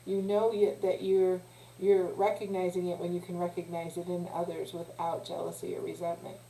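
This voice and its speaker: A woman teacher leading a children's lesson, talking in a gentle, encouraging way with small pauses and restarts. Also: mid-range voice, a little hiss or hum. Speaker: youth teacher. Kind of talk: children's lesson, guided breathing. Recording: echoey room.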